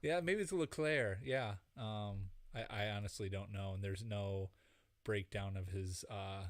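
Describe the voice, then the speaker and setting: A man co-hosting a casual podcast chat, halting and reading out lists of names. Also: on the low side, dry recording, clean studio sound. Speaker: podcast co-host.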